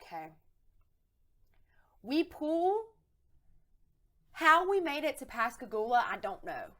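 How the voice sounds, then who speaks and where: A woman co-hosting a podcast, telling rambling, animated anecdotes in casual chat. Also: high voice, takes it slowly. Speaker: podcast co-host.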